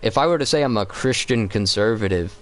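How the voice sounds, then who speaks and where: A young man with a lowish voice chats casually on a live game stream. He tells rambling stories and swears often, with an easygoing, meandering delivery. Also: animated, fairly quick, a bit bright. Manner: rambling, profane, storytelling. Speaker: streamer co-host. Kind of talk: casual chat while gaming.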